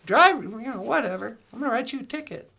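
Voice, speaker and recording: Goofy cartoon frog dude calling in, squeaky high voice with some fry, rambles and restarts a lot. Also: male voice, animated, fast talker, bright, forceful tone, exaggerated voice. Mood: joking. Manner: rambling storyteller with restarts and asides. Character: cheerful rambling male frog puppet. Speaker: caller telling a joke. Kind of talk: comedic call-in impression.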